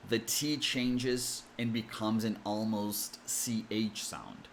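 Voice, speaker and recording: A man with an American accent teaches English pronunciation with slow, deliberate explanations. His voice sits fairly low, and faint background noise runs underneath. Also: fairly even intonation. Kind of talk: explanatory lesson.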